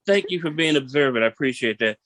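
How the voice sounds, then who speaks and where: Seated on stage, a comedian from Memphis, Tennessee delivers lively, story-driven bits and hammers punchlines by saying them again. He speaks quickly at a medium pitch, with no echo in the recording.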